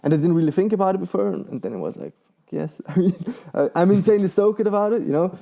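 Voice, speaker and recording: Excitable young man, mellow voice. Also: sits high, very fast, gravelly. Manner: excitable, laughs often, lots of fillers. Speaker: guest, professional mountain bike rider. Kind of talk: casual conversational interview.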